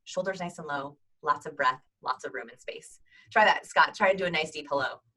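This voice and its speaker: A bright, fast-paced woman coaching viewers through tips in an upbeat instructional video. She talks with lively energy in a slightly low voice and breaks into quick demonstrations of greetings. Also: rough recording. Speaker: host giving video call tips.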